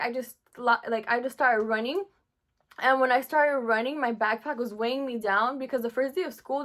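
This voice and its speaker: A woman's voice: a little high, fairly bright tone. A young woman vlogger telling a painful personal story from her school days, emotional, with many fillers.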